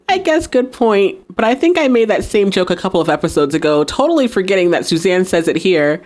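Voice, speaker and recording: A woman's voice: medium pitch, sing-song, brisk, a little mellow. A young adult woman hosting a podcast, casually recapping a TV episode, laughing often and acting out characters' lines. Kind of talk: casual recap with acted-out quotes.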